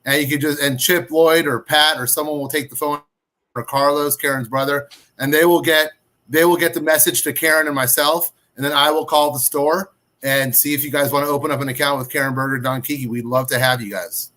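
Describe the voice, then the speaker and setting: A man's voice: on the high side, fairly even intonation, a little fast, pushed and bright. A man appearing as a guest on a casual chat show, talking loosely and friendly. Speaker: guest, cigar brand representative.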